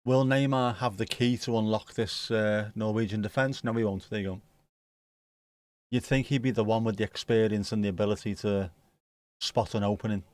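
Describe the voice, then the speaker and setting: A man's voice: on the low side, fairly even intonation, moderate pace, dry recording. A man chatting casually and swearing as he comments on a football match on a live stream from home. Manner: chatty, sweary, laid-back. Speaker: streamer hosting a football watchalong.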